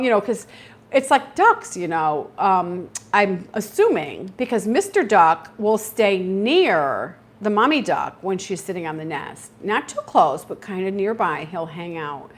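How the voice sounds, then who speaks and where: A woman's voice: mid-range voice, measured pace. A middle-aged woman hosting a homesteading livestream, talking casually and acting out her own reactions as she tells stories. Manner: chatty and animated, acts out her own reactions. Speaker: homesteading channel host.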